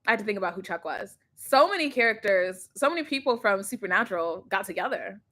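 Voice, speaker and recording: Lively chatty young woman livestreaming. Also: mid-range voice, fast. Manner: rambling, chatty, laughs often, swears casually. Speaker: livestream reaction host. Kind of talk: casual livestream chat.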